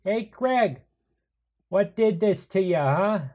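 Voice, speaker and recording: A man's voice: medium pitch, unhurried, dark tone, pitched above the performer's own voice, natural voice. A man doing nervous companion Arden. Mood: coaxing.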